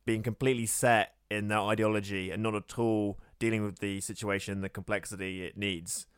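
Co-host, male, smooth resonant low voice, dry sarcasm, close dry mic. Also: flat delivery, fairly quick, no echo. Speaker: podcast co-host. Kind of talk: casual political chat.

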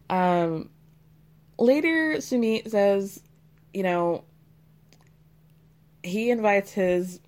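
A woman hosting a podcast, casually retelling a reality-show storyline in a chatty, animated way. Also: on the low side. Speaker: podcast host.

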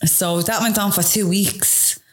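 A young woman with a Dublin accent, telling her story in a chatty, casual way with quick, laughing asides. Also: medium pitch, fairly even intonation, slight background noise. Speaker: interview guest.

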